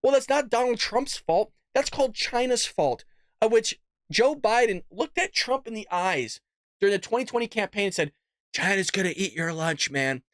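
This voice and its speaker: A man's voice: very high-pitched, animated, moderate pace, fairly bright tone, no echo, studio quality. Sarcastic ranting male show host. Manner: sarcastic, exasperated, mocking. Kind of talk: political commentary rant.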